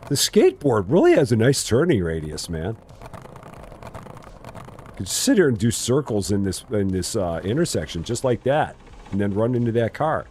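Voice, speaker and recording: Playful low-voiced man streaming a game. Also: very animated, moderate pace, darkish tone, slight background noise. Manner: joking, teasing, sing-song asides. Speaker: gaming streamer. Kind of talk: live game commentary, chatting with viewers. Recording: faint music behind.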